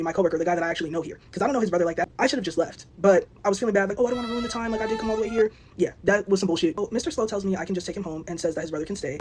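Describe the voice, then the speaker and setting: A woman's voice: medium pitch, a little mellow, a little hiss or hum. A young woman telling a personal story in casual vlog style, blunt and outspoken, swearing freely and acting out what each person said. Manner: rapid, blunt, swears freely, acts out both sides of the story.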